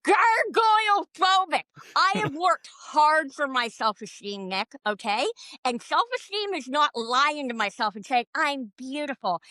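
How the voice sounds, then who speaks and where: A middle-aged woman talking on a podcast in animated, profane, self-mocking rants. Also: high-pitched, unhurried, no room sound. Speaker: podcast guest. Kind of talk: casual podcast conversation.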